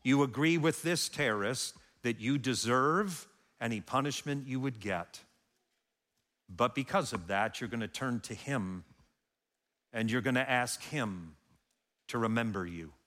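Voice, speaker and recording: A man's voice: medium pitch, a little slow, fairly bright tone. A man preaching a sermon as pastor, telling the story dramatically and acting out the scene. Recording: long hall reverb.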